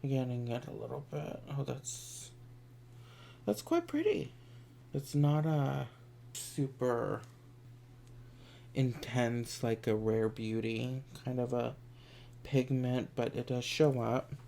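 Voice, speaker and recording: A man's voice: medium pitch, level tone, slow, creaky, mellow, slight background noise. A man chatting through a makeup tutorial in a campy, sassy way, sometimes dropping into whispered asides. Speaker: makeup vlogger. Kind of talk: casual makeup tutorial chat.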